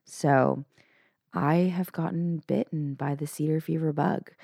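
Hoarse, raspy woman podcast host. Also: fairly even intonation, a little slow, dark tone, no echo, clean studio sound. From Canada. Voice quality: deep, raspy. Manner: light, self-joking. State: hoarse from allergies. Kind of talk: casual podcast chat.

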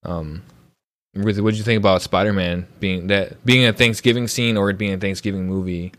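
A man's voice: low-pitched, steady tone, brisk. A man hosting a casual podcast chat, talking hesitantly with many fillers.

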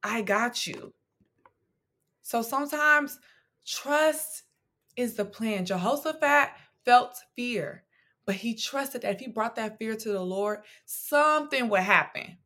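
A young woman hosting a devotional podcast, teaching from scripture in a conversational, animated way with casual slang and playful asides. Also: fairly high pitch, unhurried.

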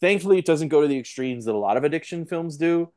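A man's voice: a little high, animated, quick pace, darkish tone. A man guest on a film podcast, talking casually and animatedly, often acting out what others say.

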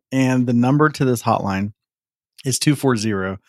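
A man's voice: mid-range voice, normal speed, no room sound, clean studio sound. A man co-hosting a podcast in casual chat, earnest and tripping over his words. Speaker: podcast co-host.

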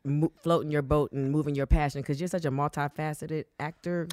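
A man's voice: a little high, steady tone, brisk, a little mellow, no echo. A man co-hosting a casual interview, asking rambling, friendly questions. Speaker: podcast co-host.

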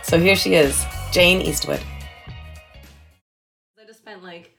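A woman's voice: on the low side, slow, gravelly, a bit bright, soft background music. A woman from Canada hosting a podcast, enthusiastic and gushing as she introduces her guest and chats with her. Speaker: podcast host.

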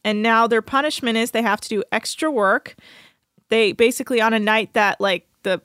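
A woman's voice: on the high side, moderate pace, a bit bright, dry recording, studio quality. A woman co-hosting a podcast, chatting casually as she recaps episodes and laughs along. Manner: chatty, laughs often, quotes people in passing. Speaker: podcast co-host.

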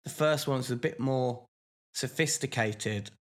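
A man's voice: mid-range voice, unhurried. A man co-hosting a podcast, chatting casually with lots of fillers and restarts. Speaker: podcast co-host. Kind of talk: casual chat.

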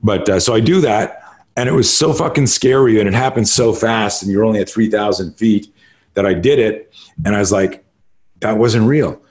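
A middle-aged man from Canada, a martial artist guest on a podcast, telling stories in a casual, profane, animated way. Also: fairly low pitch, normal speed. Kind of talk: casual storytelling.

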